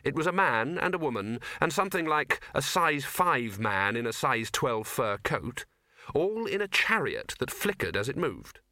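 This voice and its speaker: A man reads a comic fantasy novel aloud with wry, expressive timing. His voice is bright and forward, and the studio sound is completely dry, with no room around it. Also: mid-range voice, no room sound. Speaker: audiobook narrator. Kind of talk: scripted narration.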